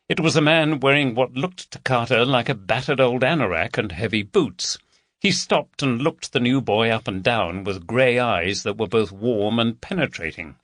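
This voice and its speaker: Steady male audiobook narrator, bright tone, dry read. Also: mid-range voice, moderate pace, no echo.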